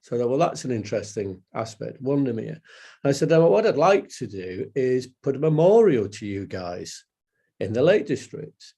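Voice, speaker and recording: A man giving a guest talk over a video call, emotional and hesitant, with halting delivery. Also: medium pitch, sing-song, creaky, warm tone, breathy edge. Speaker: project director.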